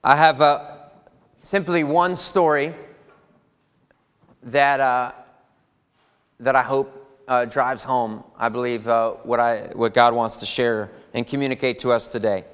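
A young adult man preaching a sermon as pastor, rousing the congregation with lively, energetic delivery. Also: medium pitch, a little slow, pauses often, clean tone. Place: church sanctuary. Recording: reverberant church hall with faint music.

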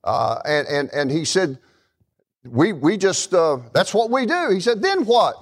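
A middle-aged man preaches in a church with a folksy, animated delivery, often turning to talk to the congregation. His voice sits high for a man and swoops up and down with lively expression. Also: unhurried. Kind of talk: sermon.

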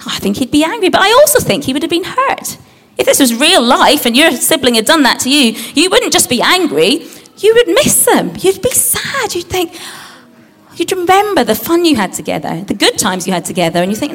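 Woman doing a bible story talk for kids, voice fairly high and super lively, keeps asking them stuff. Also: a little fast. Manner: animated, acts out the characters, asks the audience questions. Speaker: children's talk leader.

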